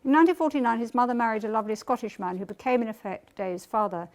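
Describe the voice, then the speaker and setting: A woman historian giving a public book talk, telling the story in a measured way and reading quoted testimony aloud. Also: a little high, animated. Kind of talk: public lecture.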